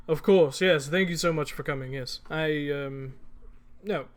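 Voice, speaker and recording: A man's voice: on the high side, takes it slowly. A man voicing a female senator gushing pleasantries at donors.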